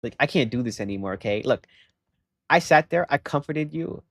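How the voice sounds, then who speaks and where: A young man chatting casually on a livestream, telling a story in an animated way and rising into loud exasperation. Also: mid-range voice, moderate pace, creaky, no room sound, clean studio sound. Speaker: live streamer.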